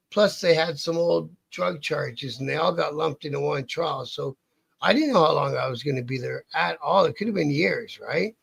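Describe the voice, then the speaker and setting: A man's voice: sits high, vocal fry, fairly bright tone, slightly rough. A man from Canada, a biker guest telling a rambling, profane story with many restarts. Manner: rambling, profane, self-interrupting. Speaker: interview guest, outlaw biker. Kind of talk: casual storytelling.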